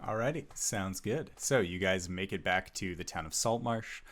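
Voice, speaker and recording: Low-voiced man narrating as game master. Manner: relaxed, many filler pauses.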